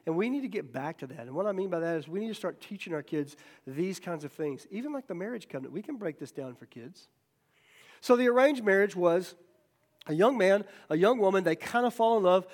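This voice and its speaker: A man's voice: high voice, expressive, brisk. A middle-aged male pastor giving a folksy, joking sermon, checking in with "okay?" and "right?" and acting out the voices in his stories. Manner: acts out quoted voices in stories.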